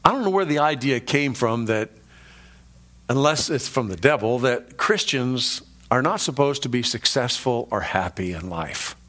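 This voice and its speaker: A man preaching a sermon, emphatic and conversational, swinging from rising peaks to low drops and speaking directly to his listeners. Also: expressive, moderate pace, a bit bright. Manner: conversational asides to the congregation. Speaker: pastor.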